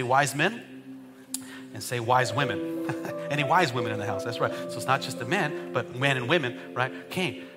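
A man pastor preaching a sermon to a congregation. He swings from shouting to hushed tones and calls out to the crowd. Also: medium pitch. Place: church service. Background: music.

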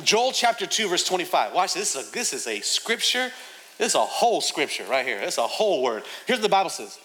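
A male pastor preaching a sermon, moving from soft, tearful storytelling to loud, shouted preaching. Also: a little high, very animated, quick pace. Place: large church hall. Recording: long hall reverb, faint room noise.

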